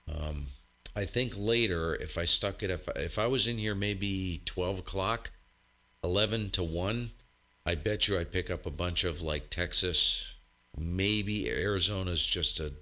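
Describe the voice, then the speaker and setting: Speaking into a desk mic in his home radio room, a low-voiced man who is both a ham radio operator and a live stream host talks slowly and rambles. His tone is bright and forward, and between contest calls he cracks jokes at his own expense during casual stream chat.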